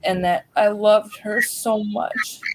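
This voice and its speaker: A young woman speaking heartfelt and halting about her late mother, at times swearing, as a grieving daughter on a livestream. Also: medium pitch, little pitch movement, background noise. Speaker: grieving daughter sharing a memorial tribute. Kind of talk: emotional personal talk on a livestream.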